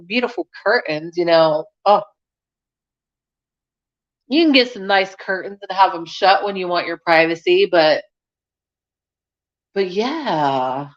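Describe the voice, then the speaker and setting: Woman chatting on a livestream, slow and rambly, kinda muffled lo-fi sound. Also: mid-range voice. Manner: rambling and chatty, many fillers and restarts. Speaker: livestream host. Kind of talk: casual chat reading viewer comments.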